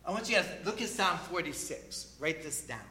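A man preaching a sermon, emphatic, swinging from loud peaks down to quiet asides. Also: lively intonation, brisk, roomy sound, slight background noise. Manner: emphatic, rising to loud peaks then dropping low.

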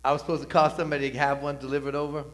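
A male pastor preaching a sermon, calling on the congregation to respond and swinging between loud emphatic lines and soft, low asides. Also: little pitch movement, very fast.

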